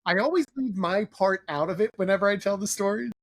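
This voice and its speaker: A man's voice: high voice, brisk. A man hosting a podcast interview, talking casually and rambling with lots of "like" fillers. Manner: rambling, filler-heavy, leans on "like". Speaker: podcast host.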